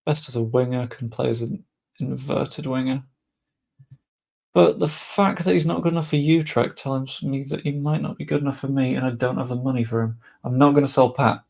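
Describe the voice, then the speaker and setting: Young guy, gravelly voice, mutters casual game commentary, swears offhand. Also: medium pitch, steady tone, moderate pace, darkish tone. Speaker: gaming streamer.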